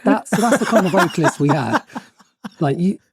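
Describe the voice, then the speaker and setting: A man's voice: high voice, lively intonation, fairly quick, breathy edge, dry recording. A man telling band anecdotes in a casual podcast chat, often chuckling. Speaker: guest musician.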